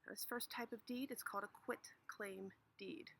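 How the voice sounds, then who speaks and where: Lady lawyer chatting outside, bright voice w some fry, faint outdoor hum behind. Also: mid-range voice, steady tone, normal speed, poor audio. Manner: playful, self-mocking. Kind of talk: casual explanatory video.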